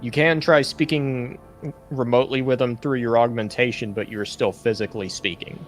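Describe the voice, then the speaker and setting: A man narrating a tabletop role-playing game as game master, relaxed and descriptive with many fillers. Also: medium pitch, normal speed, faint music behind.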